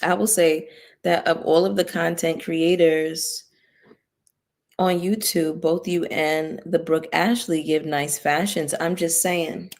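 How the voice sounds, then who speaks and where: A woman's voice: sits low, fairly even intonation, slow pace, darkish tone, a little hiss or hum. A woman hosting a casual livestream, chatting with viewers and thanking them by name, with features. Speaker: YouTube commentary host.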